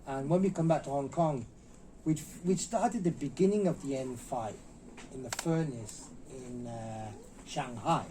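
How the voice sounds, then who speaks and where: A man's voice: medium pitch, unhurried, noisy background. A middle-aged man, a martial artist guest in an interview, telling stories animatedly and acting out the quotes in a raised voice. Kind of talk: anecdotal storytelling.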